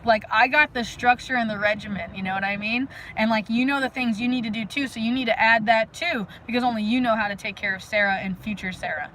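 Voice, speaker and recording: A woman hosting a casual live stream outdoors, talking energetically and rambling to her viewers with lots of fillers and sudden loud bursts. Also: on the high side, fairly even intonation, fast talker, few pauses, a little hiss or hum, low-quality recording. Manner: frequent "like" fillers. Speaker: livestream host. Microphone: phone live stream.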